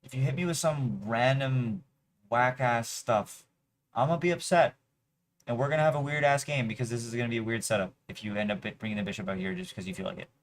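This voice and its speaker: A man's voice: medium pitch, fast talker. A man streaming his workday who mutters to himself in half-finished phrases and pleads aloud with an online chess opponent. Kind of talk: casual livestream commentary.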